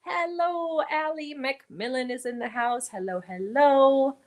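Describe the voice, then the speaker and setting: A livestream host with a high-sitting voice speaks slowly as she goes through live comments. She chats casually, welcoming viewers by name and thanking each one.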